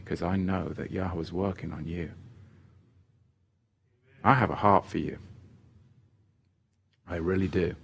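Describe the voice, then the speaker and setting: A man preaching a sermon in a fervent, emphatic way, building to loud pleading. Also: low voice, slightly rough.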